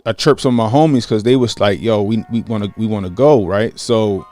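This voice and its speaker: A man in his late thirties from Baltimore, hosting a casual livestream, greeting chat viewers and telling a story with lively acted-out quotes. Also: lowish voice, fairly quick, soft background music. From Baltimore, USA. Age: 30s. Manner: animated, acts out quotes, greets chat by name. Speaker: livestream host.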